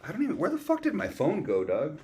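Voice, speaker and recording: A man's voice: fairly high pitch, wildly swooping pitch, fast, warm tone, breathy edge. Slangy, profane man in casual chat. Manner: slangy, swears a lot, calls people "dog". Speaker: podcast co-host. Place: away from home on a family road trip. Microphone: streaming setup.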